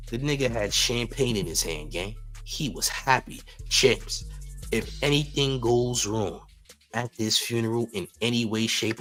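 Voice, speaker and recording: A man's voice: mid-range voice, fairly bright tone. A man hosting a hip-hop news stream, talking sarcastically with frequent chuckles. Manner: sarcastic, chuckling, calls viewers "champ". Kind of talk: live-stream commentary.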